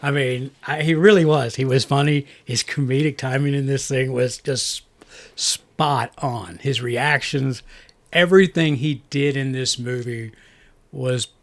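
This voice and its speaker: A man's voice: mid-range voice, measured pace. A man co-hosting a movie review podcast, talking in a rambling casual way with lots of restarts. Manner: rambling, many restarts and fillers. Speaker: podcast co-host.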